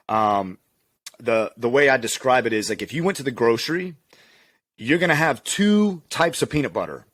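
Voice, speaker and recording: A man from the United States, a podcast guest, telling a story in a loose, animated way with lots of fillers and restarts. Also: mid-range voice, no echo. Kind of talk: casual interview talk.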